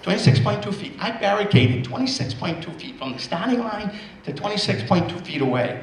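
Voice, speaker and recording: A man's voice: high-pitched, very animated, brisk, slight background noise. A man in his sixties giving a motivational speech at a school assembly, telling stories and repeating key phrases for emphasis. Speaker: guest speaker at a school assembly. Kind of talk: motivational storytelling. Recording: roomy hall sound with faint ambience.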